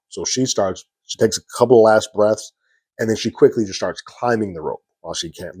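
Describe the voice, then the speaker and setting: A man's voice: lowish voice, darkish tone, breathy edge, dry recording. A man hosting a TV episode review, recapping scenes in a casual, conversational way with lots of fillers.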